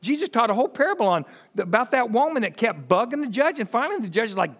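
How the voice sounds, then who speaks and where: Male preacher, middle-aged, high and very lively delivery, folksy storytelling sermon. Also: quick pace, few pauses. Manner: animated storytelling, acts out quoted voices, chuckles often. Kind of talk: conversational sermon.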